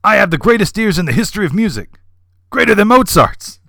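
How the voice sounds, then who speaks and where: A man putting on the voice of a cocky, profane male bandleader who talks in loud, swaggering bluster. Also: high-pitched, very animated, fairly quick, gravelly, dry recording, clean studio sound, voice pushed up, exaggerated voice. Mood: boastful.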